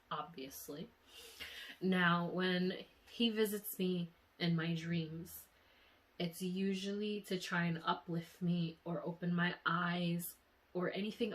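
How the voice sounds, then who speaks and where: A young woman telling a dream on her vlog, chatty and full of fillers, tearful at times, with soft sighs and small laughs. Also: on the low side. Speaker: vlogger. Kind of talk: emotional dream diary vlog.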